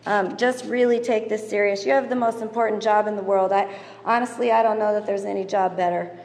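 A woman's voice: mid-range voice, steady tone, fairly quick, darkish tone. A middle-aged woman teaching a parenting class in a chatty way, telling stories about her kids, laughing and mimicking them. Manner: moves around constantly while talking. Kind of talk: casual teaching talk to mothers. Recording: roomy hall reverb, faint background noise.

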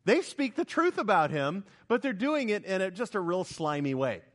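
A man preaching a sermon, emphatic and animated, asking the congregation rhetorical questions as he explains a Bible passage. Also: high-pitched, moderate pace. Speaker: pastor.

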